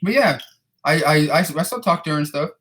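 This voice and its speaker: A man's voice: a little high, expressive, fairly quick, fairly bright tone. Profane, rambling man in his thirties. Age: 30s. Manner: rambling, profane, repeats and restarts words. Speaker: vlogger answering viewer questions. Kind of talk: casual chat.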